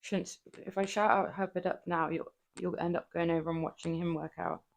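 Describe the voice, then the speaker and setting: A woman with a lowish voice and vocal fry speaks briskly with fairly even intonation. She's livestreaming from her home gym, chatting casually with viewers between lifts, laughing a lot and swearing occasionally.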